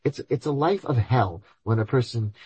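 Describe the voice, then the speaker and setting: A man answering listeners' questions on ethics, animated, acting out imagined voices and mixing in Hebrew and Yiddish terms. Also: medium pitch, normal speed, breathy edge, no echo, poor audio. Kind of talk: Q&A talk on Torah ethics.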